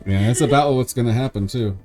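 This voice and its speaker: A man's voice: medium pitch, brisk, warm tone, faint music behind. A man narrating as game master of a tabletop role-playing game, casual and full of fillers.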